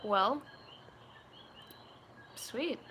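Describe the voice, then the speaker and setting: A woman's voice: on the high side, animated, extremely slow, pushed and bright, husky, rough recording. A young woman from Puerto Rico chatting casually with her viewers on a live stream, her voice a little sore and tired from talking for hours. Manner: reads chat questions and answers offhand, tries joke accents.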